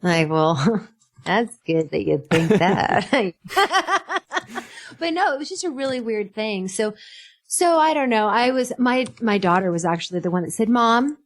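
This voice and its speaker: Animated middle-aged woman telling stories. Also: medium pitch, unhurried. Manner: animated, laughing, acts out quotes. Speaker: podcast guest. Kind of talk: casual storytelling chat.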